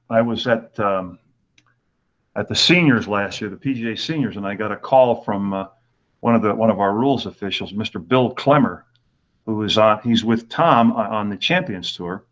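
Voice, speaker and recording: An older man in his sixties leads a golf rules webinar over a video call, pausing often and filling gaps with ums. His voice sits fairly low. The audio is dull and lo-fi. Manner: relaxed, halting, lots of fillers. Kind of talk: webinar lecture with anecdotes.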